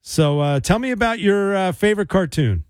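A man's voice: sits high, expressive, normal speed, dry recording, studio quality. A man hosting a call-in radio show, chatting loosely with many fillers and restarts. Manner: rambling, hesitant with fillers. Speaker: radio host.

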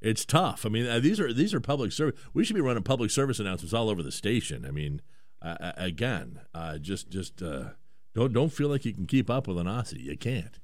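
A man hosting a talk radio show, animated and rambling, often stammering and repeating words. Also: on the low side, a little fast, dry recording, clean studio sound. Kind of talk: casual talk radio banter.

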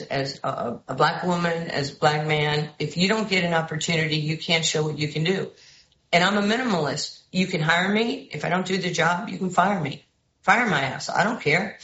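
A woman with a New York accent, a basketball head coach and guest, telling stories in a lively way and acting out the people she quotes. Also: sits low, echoey room, dull audio. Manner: lively storyteller who acts out quoted voices. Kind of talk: animated storytelling interview.

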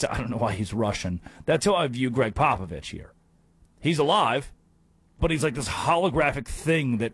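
A man hosting a sports radio show, talking in an animated, jokey monologue. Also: mid-range voice, moderate pace, no room sound. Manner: animated, jokey, breaks into put-on voices.

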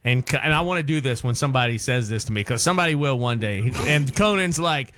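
A man hosting a morning radio show, chatting in an excitable, joking way and laughing often. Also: medium pitch, quick pace, dry recording.

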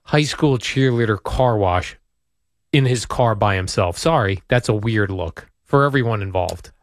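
A man co-hosting a radio show, joking and rambling in casual banter, his voice jumping up when he gets excited. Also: fairly low pitch, a little slow, no room sound. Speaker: radio co-host. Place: radio studio.

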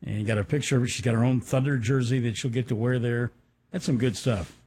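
A man's voice: medium pitch, fairly even intonation, fast, darkish tone, husky. A man co-hosting a local radio show, chatting about community news with enthusiastic asides. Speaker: radio co-host.

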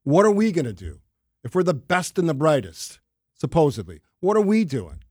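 Male radio host, pitched a bit high, forceful and exasperated, dry studio sound. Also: huge pitch swings, normal speed, slightly rough, no room sound. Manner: emphatic, exasperated. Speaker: radio talk show host. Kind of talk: opinionated talk radio.

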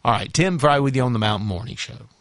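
A man's voice: medium pitch, expressive, fast talker. A man with a Southern accent hosting a morning radio show in a folksy, rambling chat. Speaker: radio host.

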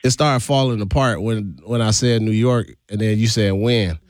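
A man's voice: lowish voice, normal speed, no room sound. A man who hosts a show, chatting casually in playful banter. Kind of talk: casual chat.

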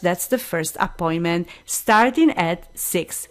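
A woman radio host presenting a bilingual show, reading event promotions in a lively way and moving between Italian and English. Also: medium pitch, moderate pace.

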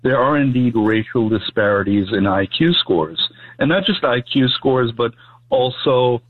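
A man's voice: mid-range voice, measured pace. A man calling in to a radio show, talking hesitantly with fillers. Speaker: caller. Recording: tinny phone line.

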